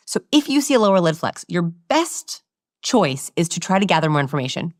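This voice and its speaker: A woman with a slightly low voice talks through expert examples on a podcast. She slips into quoted dialogue to act out scenes. The sound is dry and close. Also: brisk, no echo. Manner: animated, acts out quoted dialogue. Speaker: body language expert guest. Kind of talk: podcast interview, explaining with acted examples.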